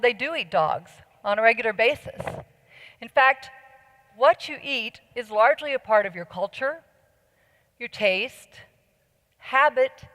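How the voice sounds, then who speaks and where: Long reverb from a big conference hall surrounds a middle-aged woman giving an earnest, persuasive talk. Her voice sits on the high side with a bit of brightness, and she puts questions to her audience.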